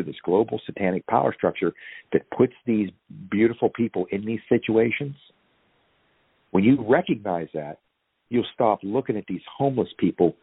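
A man's voice: fairly low pitch, slightly rough, dry recording, narrow, tinny audio. A man speaking as an interview guest, fiery and ranting, his voice surging up on key points. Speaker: guest activist. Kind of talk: impassioned podcast interview.

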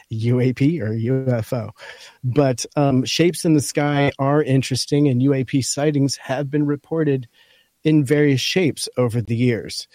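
Male podcast co-host, scratchy and mellow, reads an article aloud point by point, dry close sound. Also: mid-range voice, steady tone, unhurried, dry recording. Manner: talks through a list point by point. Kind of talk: casual chat, reading from an article.

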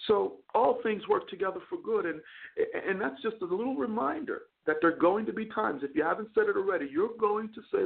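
A man's voice: high voice, fairly quick, gravelly. A man who is a chaplain and radio show host, preaching a sermon with repeated words and fervent build-ups. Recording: tinny phone-line audio.

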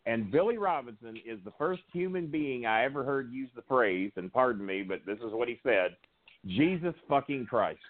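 A man's voice: medium pitch, a little fast, few pauses. A male radio host in casual talk, joking and laughing often as he tells stories over a phone line. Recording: tinny phone line with faint noise.

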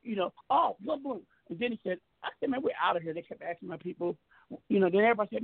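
A man's voice: high voice, animated, rapid-fire, vocal fry, husky, no room sound, phone-quality sound. A man telling a heated story on a talk show, boastful, profane and emphatic.

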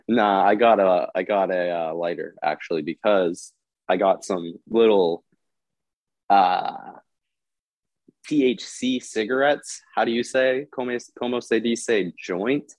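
Animated young man telling a story. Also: sits low, no echo. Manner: animated, halting, swears freely. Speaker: podcast host. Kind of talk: casual chat, storytelling.

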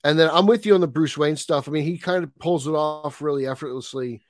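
A man co-hosting a casual film podcast, relaxed and chatty, laughing often. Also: fairly high pitch, fairly quick, dry recording. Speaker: podcast co-host.

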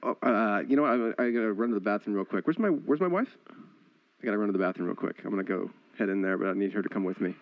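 A man performing improv comedy in a laid-back, drawn-out way. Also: lowish voice. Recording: dull lo-fi sound.

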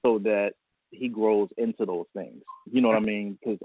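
A man's voice: fairly low pitch, fairly even intonation, normal speed, no echo. A man guest on a casual radio interview, telling a heartfelt story about being a father and laughing often. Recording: tinny phone line, dry.

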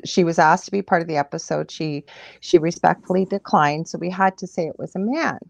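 A woman who works as a psychic medium, a podcast guest telling stories in a lively, chatty way with frequent laughs. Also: fairly low pitch, vocal fry, dry recording. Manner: animated storyteller, laughs often, quick asides. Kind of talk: casual chat, storytelling.

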